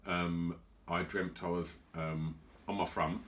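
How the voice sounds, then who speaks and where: A low-voiced man talks in easy, rambling podcast chat. He tells a long story and slips into the voices of the people in it. There is a faint hum of the room behind him. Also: flat delivery, slow pace, a bit bright. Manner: rambling storytelling, acts out quotes. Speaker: podcast co-host. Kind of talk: casual chat.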